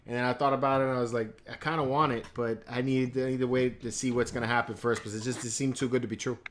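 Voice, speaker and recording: A man who talks fast and chatty on a live geek show. He throws in quick remarks and reads out questions from viewers. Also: mid-range voice, little pitch movement, fairly bright tone, a little hiss or hum. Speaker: podcast co-host reading chat. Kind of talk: casual livestream chat.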